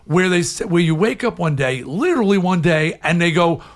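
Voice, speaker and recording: An older man talking as an interview guest, his voice sitting a little higher than most men's. He tells his story in a candid, animated way, shouting some points and dropping others almost to a murmur. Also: fairly quick. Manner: animated, swings from loud emphatic outbursts to low hushed asides.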